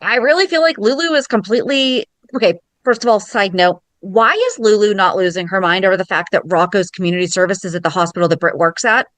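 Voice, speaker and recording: A woman's voice: mid-range voice, fast, hardly any pauses, fairly bright tone, no room sound. A woman co-hosting a fan podcast, giving emphatic, opinionated takes in casual chat. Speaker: podcast co-host.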